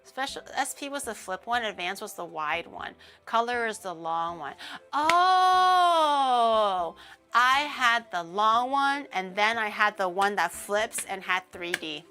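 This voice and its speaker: Bright, swearing woman streamer. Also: mid-range voice, moderate pace, hardly any pauses, faint music behind. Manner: swears freely, rants with a laugh. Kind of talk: casual livestream chat.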